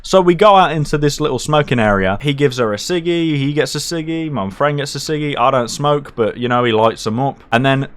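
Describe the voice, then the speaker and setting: A young man telling a night-out story casually, animated, swearing and poking fun at himself. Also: mid-range voice, brisk, hardly any pauses, smooth. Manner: animated, swearing, self-mocking.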